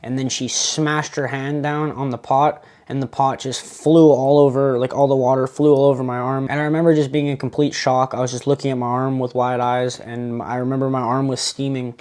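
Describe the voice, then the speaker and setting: A twenty-year-old man telling his own story in a personal vlog, halting and earnest, with many restarts. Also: medium pitch, little pitch movement, darkish tone.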